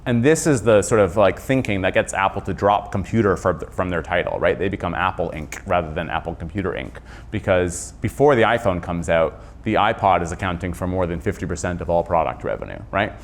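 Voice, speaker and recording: Animated man, author in a book interview. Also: low-pitched, slight background noise. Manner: animated, quick asides and self-corrections. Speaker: author and journalist guest.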